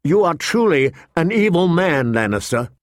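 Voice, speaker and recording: A man's voice: a little high, very animated, moderate pace, dry recording, clean studio sound, voice pushed up. A man reading aloud, voicing a proud, cold noblewoman with a stern, clipped manner.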